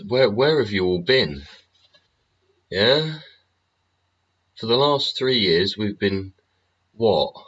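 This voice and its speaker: Deep husky man ranting. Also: fairly bright tone. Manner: profane, ranting, full of tag questions. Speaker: livestream host. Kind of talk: rambling livestream monologue. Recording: muffled lo-fi stream audio.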